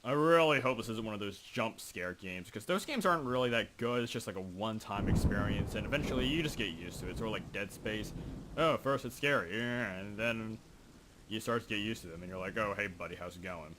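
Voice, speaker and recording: A young man with a lowish voice talks casually into his microphone over a horror game, rambling, cracking jokes at his own expense and reading on-screen text aloud. A clear hiss of background noise sits under the recording. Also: lively intonation, brisk, a bit bright. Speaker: gaming video host. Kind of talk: casual let's play commentary. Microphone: desk microphone.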